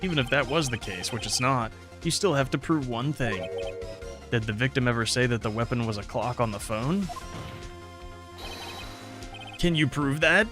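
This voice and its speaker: A man's voice: mid-range voice, expressive, a little fast, over music, natural voice. A man voicing a smug, cold male prosecutor in a courtroom game, with clipped, haughty delivery. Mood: scornful. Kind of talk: reading a game's dialogue aloud.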